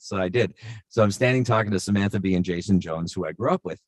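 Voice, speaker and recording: A middle-aged man, a voice actor, telling stories in an animated, chatty way with plenty of fillers. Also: low voice, fast, no room sound, studio quality. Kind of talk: anecdotal storytelling.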